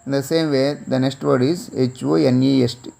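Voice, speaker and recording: A man's voice: mid-range voice, steady tone, normal speed, gravelly, mellow. A man from India teaching an English class with an Indian English accent, spelling words letter by letter and repeating each one.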